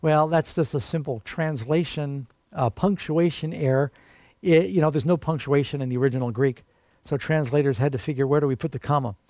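Earnest preacher, dry close voice. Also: male voice, fairly high pitch, a little fast, darkish tone, dry recording. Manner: earnest, emphatic, addresses listeners as friends. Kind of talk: sermon.

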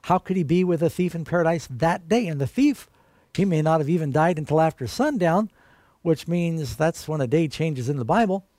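Earnest preacher, dry close voice. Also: male voice, fairly high pitch, animated, normal speed, a little mellow, no room sound. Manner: earnest, emphatic, addresses listeners as friends. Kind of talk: sermon.

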